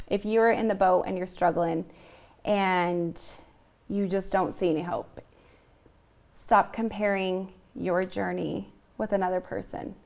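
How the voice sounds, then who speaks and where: A middle-aged woman speaks candidly and earnestly as a podcast guest. Her voice is gravelly, with a lot of vocal fry, and she pauses for ums as she collects her thoughts. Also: fairly low pitch, steady tone. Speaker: podcast guest, author in recovery. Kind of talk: casual interview talk.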